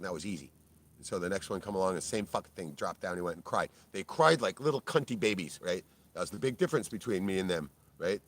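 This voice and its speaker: A middle-aged man telling a rambling personal story in a blunt, heavily profane way, ending many phrases with "right?" and flaring up loudly at times. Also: deep voice, a little hiss or hum. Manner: gets loud and worked up in bursts. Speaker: video creator.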